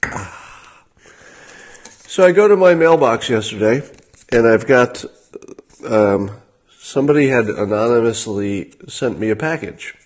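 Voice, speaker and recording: A man hosting a livestream, talking in a casual monologue with a dry, sardonic manner and frequent halting fillers. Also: mid-range voice, expressive. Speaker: livestream host.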